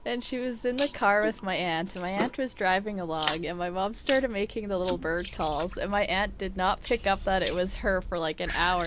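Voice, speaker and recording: A woman's voice: medium pitch, normal speed, few pauses, noisy background. A woman chatting casually as a player at a tabletop game, giggly as she tells a story.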